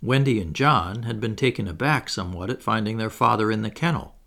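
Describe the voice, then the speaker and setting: A man's voice: fairly low pitch, expressive, fairly quick, vocal fry, fairly bright tone. A man reading a children's story aloud, with wry asides to the listener. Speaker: audiobook reader. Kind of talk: scripted narration.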